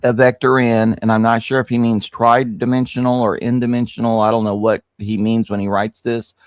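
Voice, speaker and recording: A man's voice: medium pitch, little pitch movement, moderate pace, no room sound, clean studio sound. A man in a casual live-stream chat, explaining things carefully step by step. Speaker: panel guest.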